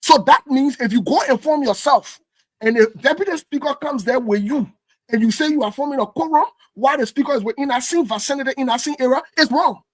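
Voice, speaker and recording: Commentator, husky voice, dry sound, keeps saying no no wait let me finish. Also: male voice, extremely high pitch, brisk, dry recording. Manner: insistent, holds the floor with repeated no's. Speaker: political commentator. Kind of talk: heated political debate.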